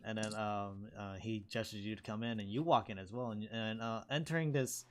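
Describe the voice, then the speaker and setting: A man narrating a tabletop game as dungeon master in a relaxed, chatty way. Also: lowish voice, brisk.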